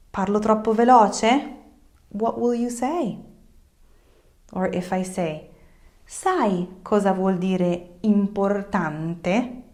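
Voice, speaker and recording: A woman teaching a friendly online language lesson, explaining calmly and modeling phrases with expressive intonation. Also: mid-range voice.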